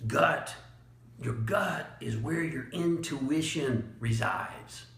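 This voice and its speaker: A man giving a motivational talk as a leadership coach, blunt and emphatic, chuckling often and using dramatic pauses. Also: mid-range voice, vocal fry, a bit bright, reverberant. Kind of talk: motivational monologue.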